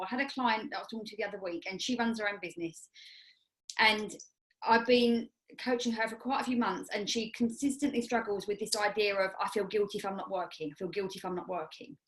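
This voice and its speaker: A woman's voice: fairly high pitch, rough recording. A woman with an English accent, co-hosting a podcast as a life coach, talking in a rambling, chatty way with frequent restarts. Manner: rambling, self-correcting, chatty. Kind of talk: casual chat.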